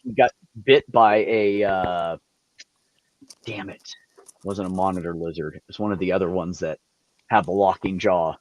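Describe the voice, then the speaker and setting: A man casually telling animated, profane stories over a video call. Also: low-pitched, moderate pace, long pauses. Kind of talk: casual storytelling.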